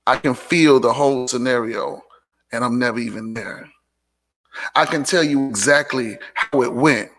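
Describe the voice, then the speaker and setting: Gravelly, emphatic man preaching self-respect. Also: mid-range voice, a bit bright. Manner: preachy and emphatic, repeats lines for punch, sassy asides. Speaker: host of a live motivational talk show. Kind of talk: live motivational monologue.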